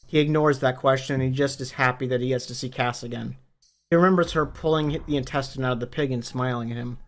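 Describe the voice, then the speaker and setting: A man's voice: mid-range voice, fairly even intonation, fast talker. A man, a book reviewer, retelling a novel's story in a plain, matter-of-fact way. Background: faint background music.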